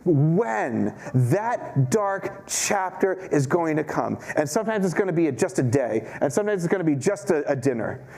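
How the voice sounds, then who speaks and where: Storytelling rabbi, a man, slightly high. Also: big pitch swings, normal speed, vocal fry, few pauses, darkish tone. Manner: storytelling, self-mocking, acts out quotes. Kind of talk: sermon. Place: synagogue chapel.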